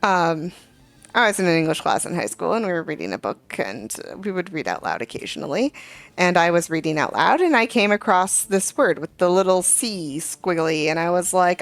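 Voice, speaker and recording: A woman's voice: fairly low pitch, expressive, normal speed, no echo. A young adult woman streaming a game, chatting casually and telling a rambling story full of fillers and asides. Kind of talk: casual gaming chat. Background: faint game music.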